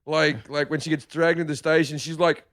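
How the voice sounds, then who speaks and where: A man's voice: a little high, level tone, fairly quick, a bit bright. A man co-hosting a comedy podcast, telling crude stories and laughing mid-story. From Australia.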